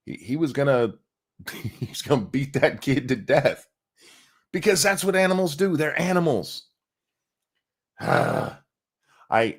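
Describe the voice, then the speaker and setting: A male podcast host talks in loose, exasperated rants peppered with swearing. His pitch swings widely as he tells stories and gets worked up. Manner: profane, exasperated storytelling. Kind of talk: casual ranting commentary.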